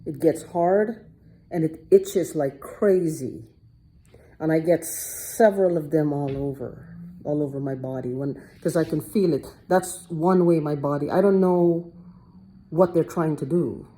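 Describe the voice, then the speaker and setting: A woman talks a little slowly in a low, warm voice, with slight background noise in the clip. Her casual monologue to camera is loose and rambling, full of repetition and restarts.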